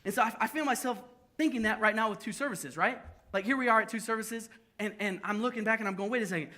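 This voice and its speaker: High bright-voiced young pastor preaching. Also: male voice, quick pace. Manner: lively storytelling with self-deprecating humor. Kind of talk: sermon. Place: church service.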